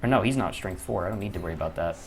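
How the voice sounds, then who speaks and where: A man's voice: deep voice, animated, racing, a little hiss or hum. Frustrated young man swearing at a game. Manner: frustrated, swearing, muttering to himself. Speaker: gaming YouTuber. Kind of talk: live gameplay commentary.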